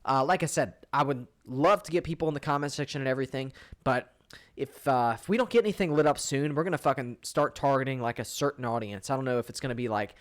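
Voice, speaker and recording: A man's voice: medium pitch, quick pace. A young man co-hosting a podcast in casual chat, blunt, rambling and full of swearing. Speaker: podcast co-host.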